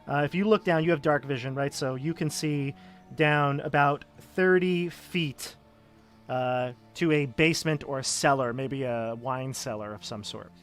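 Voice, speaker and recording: A man narrating as game master of a tabletop game, casual and halting with many fillers. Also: mid-range voice, soft background music.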